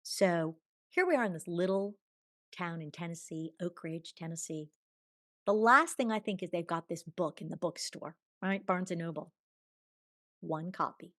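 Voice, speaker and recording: A woman guest telling a personal spiritual story in long, tumbling sentences, swinging from hushed murmurs to bright exclamations. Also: fairly low pitch, normal speed, dry recording, studio quality. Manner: chatty, tumbling run-on sentences. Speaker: podcast guest.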